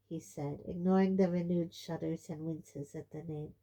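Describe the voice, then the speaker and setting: A woman reading a novel aloud in a slow, steady storytelling manner. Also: deep voice. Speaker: audiobook reader. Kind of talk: audiobook narration.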